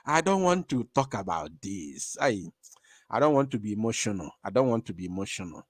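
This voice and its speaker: A man's voice: mid-range voice, brisk, no echo, studio quality. A man hosting a live-stream commentary, rambling and talking straight to his viewers. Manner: animated, rambling, speaks to viewers. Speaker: online show host.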